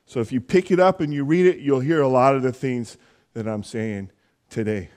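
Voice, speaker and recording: A male pastor preaching a sermon in a conversational, earnest way, with frequent fillers, dropping to a hushed voice when praying. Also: mid-range voice, moderate pace. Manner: soft hushed prayer voice.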